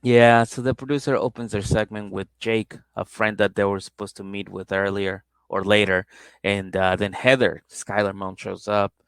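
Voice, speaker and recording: A man with a New York accent, co-hosting a podcast and recapping a reality show, laid-back and quick to react. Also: lowish voice, creaky, a bit bright, clear, resonant tone, no echo, rough recording. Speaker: podcast co-host.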